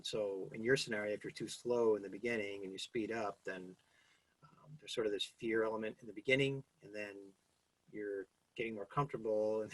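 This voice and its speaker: A man giving quick, animated public speaking advice during a video call webinar. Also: fairly low pitch, breathy edge.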